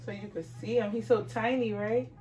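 A woman's voice: on the high side, steady tone, brisk, a little mellow. A young woman and mother talking casually to her viewers in a family vlog, chatty and coaxing her child along. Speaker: vlogger and mother.

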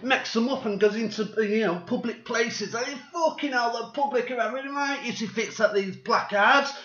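A man's voice: very high-pitched, normal speed, bright, forceful tone, reverberant, dull audio. A man delivering a sarcastic, sweary satirical monologue and slipping into mocking voices.

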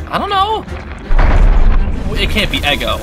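A man hosting a gaming channel, giving excitable, chatty commentary while he plays and talks to the characters on screen. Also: sits high, measured pace. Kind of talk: casual gameplay commentary. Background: game music.

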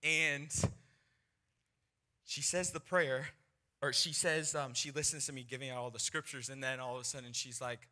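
A young man preaching, telling a personal testimony in an animated storytelling way and acting out the voices of people in his story. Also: on the high side, normal speed, pauses often. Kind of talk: sermon testimony.

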